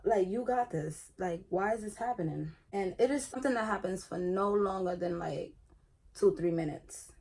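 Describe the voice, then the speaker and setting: A young woman in a casual get-ready-with-me vlog, talking in a chatty, animated way while she does her makeup. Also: medium pitch, moderate pace, slightly rough. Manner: chatty and animated, retelling her own experience. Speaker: beauty vlogger.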